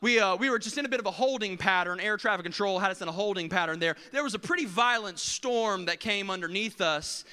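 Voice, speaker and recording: Preacher doing a calm, stammering pilot announcement, lower than his own voice, echoing hall. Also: smooth. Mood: apologetic. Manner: halting, full of "uh"s. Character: airline pilot making a calm, apologetic cabin announcement.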